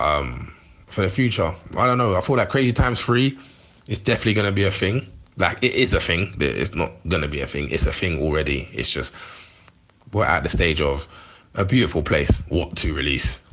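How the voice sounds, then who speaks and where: A London-accented man in his forties, his voice low and somewhat bright, appears as an interview guest. The conversation is candid, and he speaks heatedly in slang, laughing easily.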